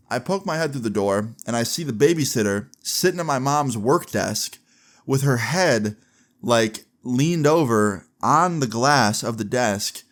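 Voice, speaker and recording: Chatty young man telling a storytime. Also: medium pitch. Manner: chatty and candid, heavy use of "like", casual swearing. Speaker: vlogger. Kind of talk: casual storytime narration.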